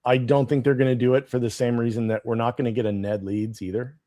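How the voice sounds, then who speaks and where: A man's voice: mid-range voice, level tone, fast, dark tone. A man co-hosting a casual chat, hesitant and rambling, with frequent ums and restarts.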